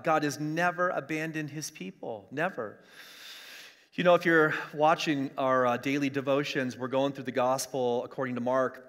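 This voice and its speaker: His voice is medium-pitched and fairly bright, with fairly even intonation and a moderate pace, as this middle-aged man preaches a streamed church sermon. Long hall reverb surrounds his emphatic, repeated key lines.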